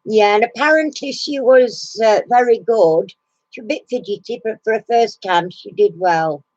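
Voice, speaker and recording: A woman's voice: mid-range voice, moderate pace, a little mellow, no room sound, dull audio. A woman hosting a casual live chat from her recliner at home, chatty and laughing often. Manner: chatty, laughs often, coos baby talk to her dog. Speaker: live stream host.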